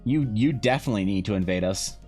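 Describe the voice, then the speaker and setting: A man's voice: lowish voice, fast, a little mellow, soft background music. A man streaming while painting, trading crude joking banter with his chat. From Canada. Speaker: art streamer. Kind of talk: casual livestream chat.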